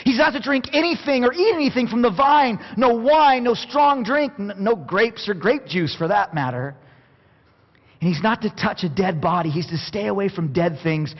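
High-voiced preacher in a big echoing hall. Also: male voice, animated, moderate pace. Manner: passionate, swings from quiet to near shouting; plays out Bible quotes in acted voices. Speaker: pastor. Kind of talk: sermon. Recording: dull sound with long hall reverb.

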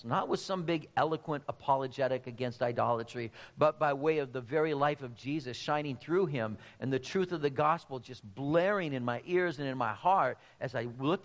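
A man's voice: mid-range voice, normal speed, hardly any pauses, long reverb tail. A man preaching a sermon, speaking emphatically and addressing the congregation directly. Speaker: pastor.

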